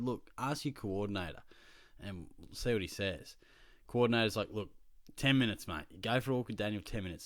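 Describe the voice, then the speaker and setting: An Australian man chatting casually as a fantasy football vlogger, telling stories in an animated way and laughing often. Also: lowish voice, dry recording, studio quality. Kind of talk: casual chat.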